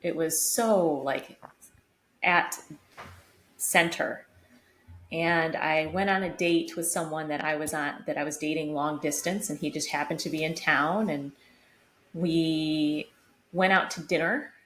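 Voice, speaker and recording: Woman co-host, lowish voice, candid reflective storyteller; echoey home room with faint noise. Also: steady tone, measured pace, fairly bright tone. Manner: reflective, open, uses many fillers like "like". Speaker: podcast co-host. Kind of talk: casual conversational storytelling. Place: home room, vacuum running outside the door.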